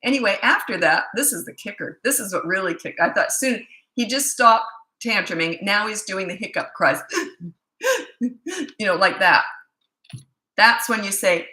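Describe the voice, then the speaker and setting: A woman parenting coach talks straight to camera in a blunt, emphatic way, hammering her points home by repeating them. Her voice is bright and forceful, and the room gives it a noticeable echo. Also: mid-range voice, expressive, moderate pace. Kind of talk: casual advice monologue.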